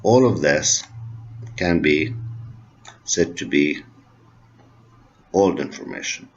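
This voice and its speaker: Very deep, slow lecturing man. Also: big pitch swings, vocal fry, breathy edge. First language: Arabic. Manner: slow, repetitive explaining, switching between English and Arabic. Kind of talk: university lecture on linguistics. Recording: dull lo-fi recording.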